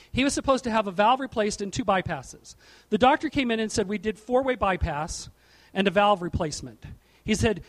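A middle-aged man preaching a sermon from a church platform, animated and asking the congregation questions. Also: very high voice. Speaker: pastor.

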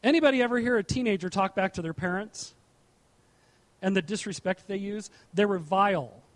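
A man's voice: high voice, fairly quick. A middle-aged man, a pastor, preaching a conversational sermon, reading scripture aloud with asides and frequent restarts.

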